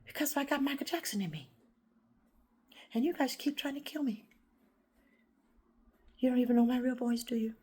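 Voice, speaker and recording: A woman vlogging a rambling, confrontational monologue, swinging between loud outbursts and hushed whispers. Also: on the high side, moderate pace, pauses often, breathy edge. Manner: confrontational, addresses unseen listeners.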